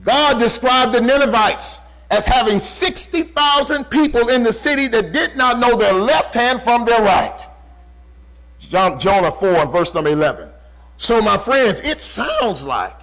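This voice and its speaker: High-voiced preacher with dramatic swings. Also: male voice, sing-song, a bit bright, poor audio. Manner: preaching with dramatic swings in volume and slow, drawn-out emphasis; repeats key phrases for emphasis. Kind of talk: sermon.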